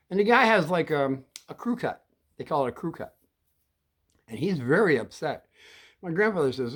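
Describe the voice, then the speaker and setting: A man in his sixties telling a childhood story casually, in a halting, rambling way with many restarts and throat-clearing. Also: fairly high pitch, lively intonation.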